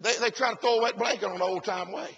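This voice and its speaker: A man preaching a sermon at a conference, breaking into shouted lines and "bless God" asides. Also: sits high, fast talker, muffled recording, a little hiss or hum. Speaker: pastor. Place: conference hall.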